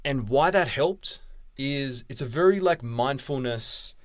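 A man's voice: medium pitch, animated, slow pace, fairly bright tone, no echo, studio quality. A man hosting a podcast, giving blunt, emphatic dating-coaching advice with frequent swearing. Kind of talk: casual coaching monologue.

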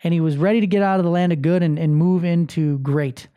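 Filming himself on camera, a man hosts his own podcast and coaching show, speaking quickly in a fairly high, clean-toned voice, though the recording sounds muffled. His motivational monologue is casual and emphatic, full of swearing and phrases repeated for emphasis.

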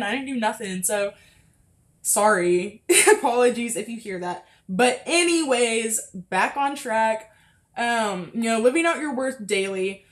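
Young woman with a chatty faith podcast voice. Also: fairly high pitch. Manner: chatty, frequent fillers and laughs. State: a little out of breath. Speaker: podcast host. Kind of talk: casual faith talk. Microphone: close mic.

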